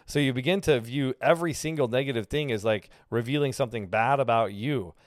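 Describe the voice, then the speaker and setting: A man's voice: medium pitch, fairly quick, dry recording, clean studio sound. A male pastor teaching a casual sermon, talking conversationally and often correcting himself mid-sentence. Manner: conversational, self-correcting, with frequent fillers.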